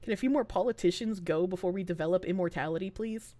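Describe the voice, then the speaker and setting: A woman's voice: lowish voice, quick pace, warm tone, no echo. A woman streamer chatting casually and rambling on a live stream, laughing often between lines.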